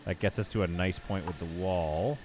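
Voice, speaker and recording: Over background game music, a man with a low voice plays a building game on a live stream at a moderate pace. He thinks aloud casually and banters with his chat.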